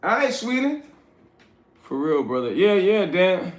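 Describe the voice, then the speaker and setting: New guy on a livestream, blunt and preachy, kinda high voice, echoey room. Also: very animated, a little slow. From New York. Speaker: livestream host. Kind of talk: casual livestream chat, reading chat aloud.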